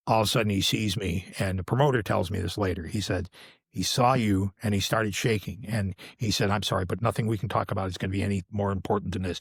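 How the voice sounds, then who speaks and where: An older man, a podcast guest, telling a long anecdote in casual conversation and acting out the quoted voices with sudden loud exclamations. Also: fairly low pitch, creaky, breathy edge, no echo, clean studio sound. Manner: animated, acts out quoted dialogue with sudden raised exclamations. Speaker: podcast guest, veteran live sound engineer.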